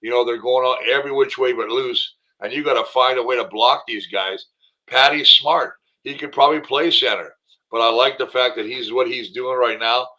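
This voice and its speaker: A man's voice: medium pitch, fairly even intonation, normal speed, bright, forceful tone, highs cut off. A man talking football as a guest on a sports talk show, emphatic and enthusiastic, rambling with fillers. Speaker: guest, former football player and commentator.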